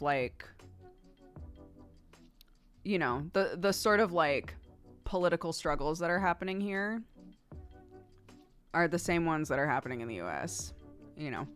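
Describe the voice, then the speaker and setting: American woman streamer, low voice, rambling casual chat, laughs a lot, faint music behind. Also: expressive, a little slow, long pauses, a bit bright. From United States. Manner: rambling, chatty, laughs often.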